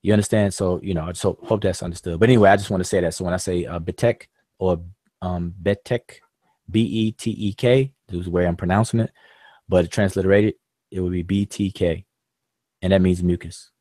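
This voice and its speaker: A man's voice: low voice, fairly even intonation, a little fast, warm tone, dry recording. A man hosting a live-stream discussion, patiently explaining points at length with loose fillers and restarts. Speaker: host.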